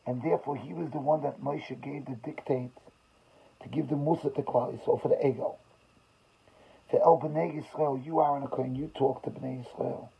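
Raspy rabbi in a fervent sermon. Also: male voice, mid-range voice, steady tone, moderate pace, pauses often. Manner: swings from loud emphasis to hushed, tearful retelling. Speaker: rabbi giving a Torah class. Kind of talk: emotional sermon storytelling. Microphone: video call. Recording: dull lo-fi video call audio.

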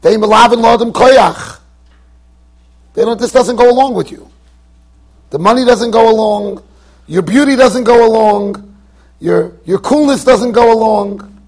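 The voice is a man's, strikingly high and husky with a somewhat dark tone, as he leads a Torah lesson in a yeshiva study hall. He presses his points with emphasis, poses rhetorical questions to the listeners and loops back to the same wording, often breaking into rapid restarts mid-argument.

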